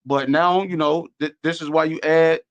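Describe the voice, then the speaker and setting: A man with a Chicago accent talks casually on a radio show. His voice sits a little high. He rambles through his points with many fillers and restarts. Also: steady tone, moderate pace, no room sound, muffled recording. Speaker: award show organizer.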